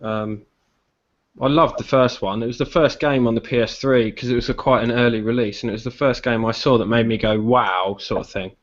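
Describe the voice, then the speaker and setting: A man hosting a casual live-stream chat, chatty and often pausing on ums. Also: mid-range voice, fairly even intonation. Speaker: podcast host. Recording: dull lo-fi stream audio.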